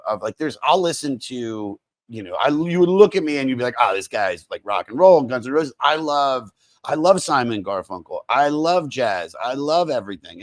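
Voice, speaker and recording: A male podcast host who rambles with enthusiasm, restarts his sentences and drops in "dude" and casual swearing. His voice sits at an ordinary middle pitch for a man. It is recorded close and dry. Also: no echo.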